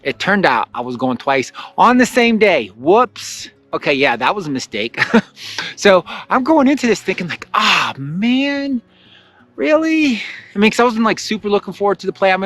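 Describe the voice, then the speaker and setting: A man teaching spiritual self-help in a casual, storytelling way, chatty and animated, with lots of fillers and acted-out asides. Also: fairly high pitch, brisk. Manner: chatty and animated, with many fillers and acted-out quotes of his own thoughts.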